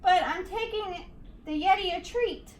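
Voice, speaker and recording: Woman doing an excitable little boy. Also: extremely high pitch, a little slow, slight background noise, pitched above the performer's own voice. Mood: excited. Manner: chirpy, hopeful, exclaiming. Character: eager excitable young boy explorer. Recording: echoey room, distant mic.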